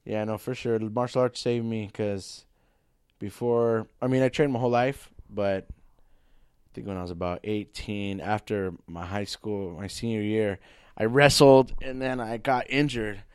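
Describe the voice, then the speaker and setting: Lively storytelling MMA fighter man. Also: lowish voice, measured pace, clear, resonant tone, no echo, studio quality. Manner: animated, acts out voices in his stories, swears freely. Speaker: pro MMA fighter guest. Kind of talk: casual storytelling chat.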